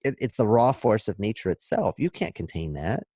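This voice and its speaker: A man speaking as a podcast guest, explaining in an emphatic, animated way and acting out little scenes. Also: fairly low pitch, moderate pace, dry recording, clean studio sound. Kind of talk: casual podcast talk, explaining.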